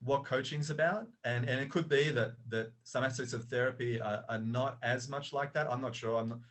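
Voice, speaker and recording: A man's voice: mid-range voice, brisk, a bit bright. A middle-aged man, a coach and author, telling a story as a podcast guest, with many restarts and fillers.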